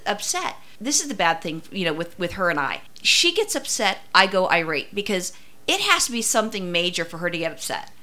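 A woman's voice: medium pitch, bright, forceful tone. A woman co-host in casual chat, cutting in with blunt, profane remarks.

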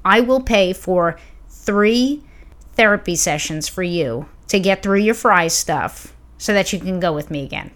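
A woman co-hosting a podcast in casual chat, telling stories in an animated, rambling way. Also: lowish voice, measured pace. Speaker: podcast co-host.

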